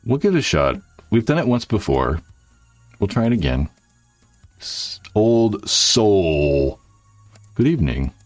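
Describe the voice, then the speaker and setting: A man's voice: on the low side, big pitch swings, takes it slowly, pauses often, no room sound, faint music behind. A man hosting his YouTube channel, chatting casually to viewers in a rambling way, with lots of fillers and swearing. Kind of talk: casual livestream chat.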